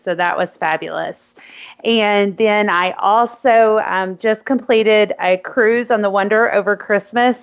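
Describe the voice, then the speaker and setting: Woman, podcast co-host, casual chat, sentimental, hesitant ums, muffled sound. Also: mid-range voice. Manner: sentimental, rambling with many ums.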